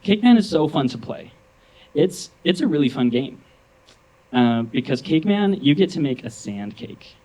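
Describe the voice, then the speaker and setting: A man's voice: a little high, very animated, normal speed, darkish tone, voice pushed up, poor audio. A man doing the voice of a small girl in a stand-up comedy set, speaking dead serious and matter-of-fact. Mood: explaining.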